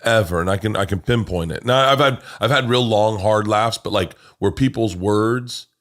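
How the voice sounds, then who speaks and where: Middle-aged male comic host, low voice, enthusiastic, trips over his own sentences. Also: normal speed, a bit bright. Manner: enthusiastic, repeats himself, stumbles over words. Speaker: podcast host, comedian. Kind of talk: casual chat.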